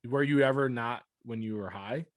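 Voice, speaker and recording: A man's voice: mid-range voice, moderate pace, no echo. A man co-hosting a podcast, reacting with dry, teasing remarks and laughing along. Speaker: podcast co-host. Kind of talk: casual chat.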